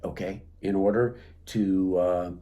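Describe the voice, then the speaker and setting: Low-voiced man teaching clarinet, hesitant. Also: steady tone, slow, dark tone. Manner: hesitant, many fillers and restarts. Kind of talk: instructional talk.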